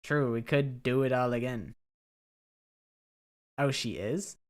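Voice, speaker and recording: A man's voice: medium pitch, takes it slowly. A man streaming a game, reading the dialogue aloud and chatting casually, swearing now and then.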